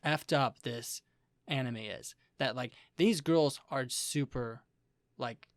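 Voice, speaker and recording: A young adult co-host talks through an anime in loose, casual chat, packed with fillers and playful quoted voices. The pitch sits in the middle, and the mic is close and dry with no room sound. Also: slow, dry recording. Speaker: podcast co-host.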